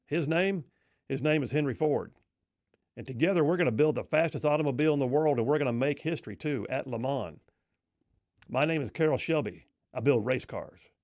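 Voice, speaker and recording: A man's voice: mid-range voice, brisk, darkish tone, no echo, clean studio sound, natural voice. A man voicing a proud, drawling Texan race car builder who gives a folksy, plainspoken speech.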